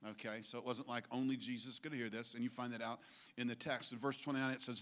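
A pastor giving a sermon in church, halting with frequent restarts and then rising to emphatic points. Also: male voice, mid-range voice, little pitch movement, a bit bright.

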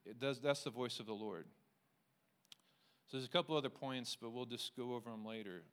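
Smooth-voiced man giving a casual Bible talk. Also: medium pitch, brisk. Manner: conversational, with frequent restarts and quoted inner voices; closes with a prayer. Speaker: teacher leading a Bible study. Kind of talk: informal sermon.

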